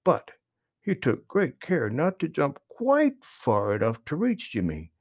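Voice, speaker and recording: A man narrating a children's story, gentle and expressive. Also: a little high, unhurried, gravelly, breathy edge, no echo, clean studio sound.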